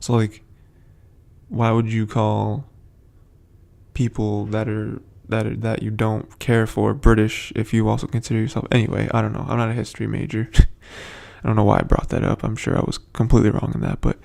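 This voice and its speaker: A man's voice: on the low side, monotone, moderate pace, gravelly, darkish tone. A man hosting a casual, rambling TV episode recap, full of hesitant fillers. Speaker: host.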